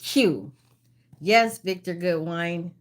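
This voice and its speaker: Woman quiz host on a casual live stream. Unhurried reads, repeats each question. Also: lowish voice. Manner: reads questions slowly and repeats them, greets viewers by name. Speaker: livestream trivia host.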